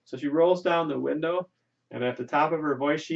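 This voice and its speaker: A man's voice: medium pitch, fairly quick, vocal fry. A man teaching an economics class in a chatty, folksy way, often checking in with "right?", recorded in a classroom on a lo-fi recording. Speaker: economics lecturer. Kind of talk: classroom lecture. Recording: lo-fi lecture recording.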